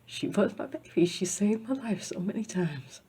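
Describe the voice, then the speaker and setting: A woman vlogging a rambling, emotional personal monologue, tearful and repetitive, dropping from loud outbursts to near-whispers. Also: mid-range voice, animated, normal speed, noisy background.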